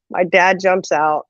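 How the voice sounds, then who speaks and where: A woman's voice: fairly low pitch, no room sound. A woman in a casual chat telling a funny family story, laughing and acting out quotes. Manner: animated, laughs often, acts out quotes. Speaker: host. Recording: dull lo-fi audio.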